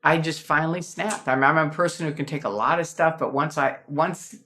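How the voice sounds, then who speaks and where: A woman from Chicago, an interview guest telling her personal story with lively, dramatic storytelling. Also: low-pitched, a little fast. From Chicago, USA. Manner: animated storytelling, acts out quoted voices. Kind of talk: personal testimony in a podcast interview.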